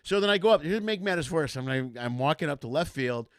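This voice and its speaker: A man's voice: fairly high pitch, a little fast, no room sound, studio quality. A man hosting a casual comedy podcast, rambling through stories and acting out what people said. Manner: rambling storyteller, animated, acts out quotes. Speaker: host.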